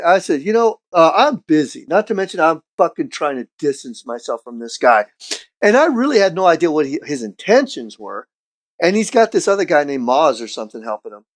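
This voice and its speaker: A middle-aged man, a street artist guest on a podcast, telling stories in a casual, profane, animated way and acting out what people said. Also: a little high. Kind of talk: casual storytelling chat.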